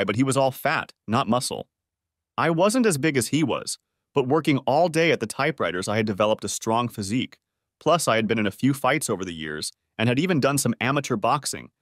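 Male narrator for a first-person drama story, animated delivery, close dry studio sound. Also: medium pitch, dry recording.

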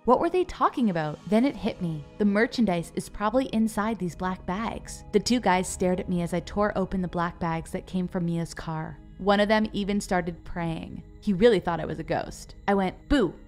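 A woman narrating a first-person animated story in a scripted, dramatic storytelling way. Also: lowish voice, normal speed, few pauses, soft background music.

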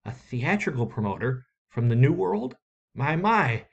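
A man reading aloud, voicing a polite young male stage actor who speaks in a formal, courteous and measured way. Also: mid-range voice, sing-song, gravelly, muffled recording, full character voice.

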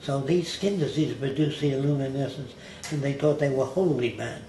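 A medium-pitched, mellow voice at normal speed belongs to an older man telling life stories in a blunt, conversational way. He sometimes mimics others' accents in quoted lines, and the recording has a roomy feel with faint background hiss.

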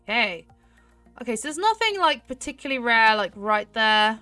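A young woman chatting excitedly to her viewers while she plays a horse game, giggling often. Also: fairly high pitch, normal speed, clear, resonant tone, no room sound, faint music behind. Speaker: gaming YouTuber. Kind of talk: casual gameplay commentary.

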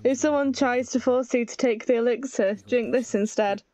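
A woman's voice: fairly high pitch, moderate pace, a little mellow, lo-fi sound, close to an everyday voice. A woman reading a timid, clingy young man from a game, pleading and apologetic. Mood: gentle.

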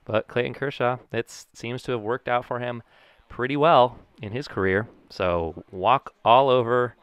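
A man's voice: medium pitch, measured pace, smooth, dry recording, muffled recording. A young man casually commentating his own baseball video game play, goofy and rambling with jokey asides. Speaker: gaming YouTuber.

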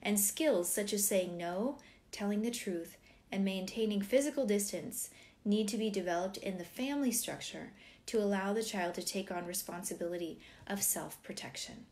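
A middle-aged woman reading a parenting book aloud, breaking off now and then for animated personal asides. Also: medium pitch, normal speed.

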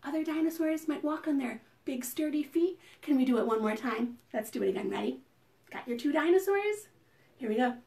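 A children's librarian runs a preschool storytime, reading and chanting rhymes in a lively, sing-song style. Her voice sits high and has a gravelly edge, and her delivery is brisk.

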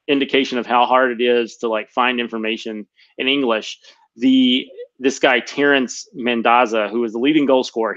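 A man's voice: medium pitch, fairly bright tone, no echo, muffled recording. A man hosting a casual podcast chat, rambling with lots of ums and self-corrections. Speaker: podcast host.

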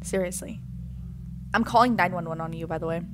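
A woman's voice: fairly low pitch, brisk, slight background noise. A young woman chatting playfully and dramatically to her viewers while she plays a game, full of sass and exaggerated reactions. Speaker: gaming streamer. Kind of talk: casual gameplay commentary.

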